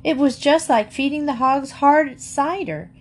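A woman voicing Mamma, an excitable small-town mother who exclaims in a raised voice. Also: measured pace. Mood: explaining. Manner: high and exclaiming.

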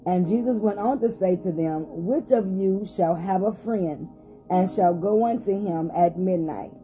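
A woman's voice: mid-range voice, a little slow, mellow, faint music behind. A woman pastor hosting a short podcast Bible study, reading scripture aloud with rising emphasis and some hesitant fillers.

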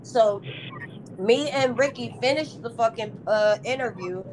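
A woman's voice: on the high side, a little slow, noisy background. A woman podcast host bluntly retelling a feud in casual, profane chat.

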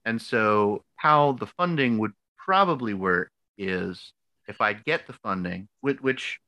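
American man, 30s, podcast co-host, casual storytelling, bright tone, dry sound. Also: on the low side, takes it slowly, dry recording. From United States. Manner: animated, filler-heavy storytelling.

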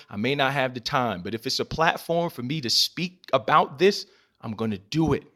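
A man's voice: medium pitch, sharp tone. A man speaking as a podcast guest and advocate, telling personal stories in an earnest, emphatic way and repeating phrases for stress. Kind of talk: impassioned personal storytelling.

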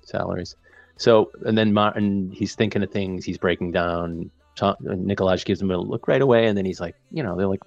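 Deep-voiced man animatedly retelling a film. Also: fairly quick, creaky, no echo, dull audio, soft background music. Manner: animated retelling with quoted dialogue. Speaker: podcast co-host. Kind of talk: casual chat recapping a film.

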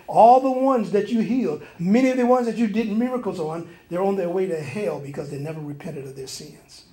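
A man's voice: high-pitched, warm tone, echoey room. A man preaching, telling a dream as a story and acting out the voices and sounds in it. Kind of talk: sermon testimony.

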